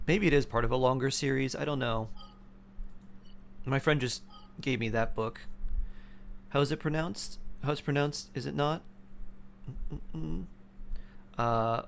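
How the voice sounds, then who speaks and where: A man's voice: medium pitch, vocal fry, slight background noise. A man chatting casually on a game stream, reading chat aloud and humming and mumbling to himself in between.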